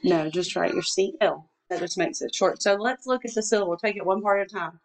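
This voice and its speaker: A woman's voice: mid-range voice, fairly quick, gravelly, crowd noise. Patient woman teaching a reading lesson. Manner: patient, prompting with questions and praise.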